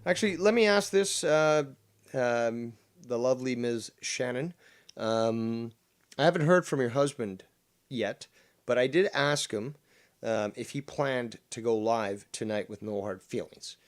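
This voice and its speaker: A man's voice: medium pitch, measured pace. A man hosting a casual livestream, reading the chat and talking in a mock-formal way, with some swearing. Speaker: livestream host.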